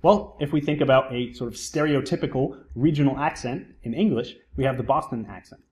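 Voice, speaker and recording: A man's voice: mid-range voice, brisk, a little mellow. A man giving a recorded psychology lecture, explaining terms step by step and often posing a question and then answering it himself. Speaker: psychology instructor.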